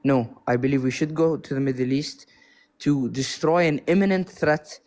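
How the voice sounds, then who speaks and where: A man's voice: medium pitch, normal speed, a little mellow. Young man, Gulf Arabic accent, earnest, apologetic, hesitant, casual debate. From Oman. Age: young adult. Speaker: caller debating the host.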